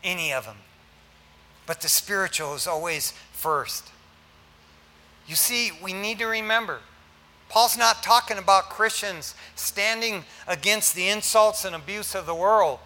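An older man, a pastor, preaching a sermon in a lively, joking way to his congregation. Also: sits high.

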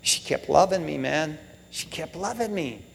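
A middle-aged male pastor preaching in a folksy, heartfelt way, with "man" and "you know" all through. His voice sits a little high for a man and rings out with a long hall reverb, as if in a church. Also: expressive, normal speed, gravelly. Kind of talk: sermon.

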